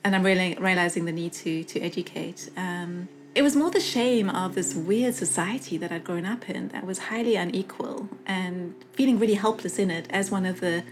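A woman's voice: fairly low pitch, normal speed, few pauses, a little hiss or hum. A young woman from South Africa speaking earnestly in a conversational interview, reflective and full of fillers and restarts. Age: young adult. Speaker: guest.

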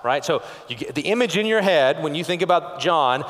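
A pastor from West Texas preaching a sermon in a conversational way, firing off rhetorical questions and checking in with "okay?". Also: male voice, a little high, lively intonation, brisk, a bit bright, big-room sound.

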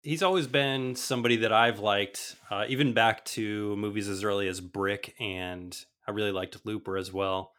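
Male podcast co-host, low-ish voice, easygoing movie talk. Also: normal speed, hardly any pauses. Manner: relaxed, conversational, leads the segment. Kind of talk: casual movie chat.

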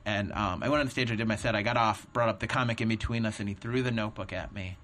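A man's voice: fairly low pitch, fast talker, a little hiss or hum. A man, a touring stand-up comic, telling a long story in a casual podcast chat and acting out the people in it. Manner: animated storyteller, acts out quotes. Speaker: stand-up comedian guest.

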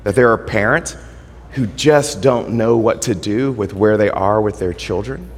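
A male pastor giving an earnest sermon. He swells to emphatic points, then drops quiet and stretches out his words. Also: lowish voice, unhurried, a little hiss or hum. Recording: long hall reverb.

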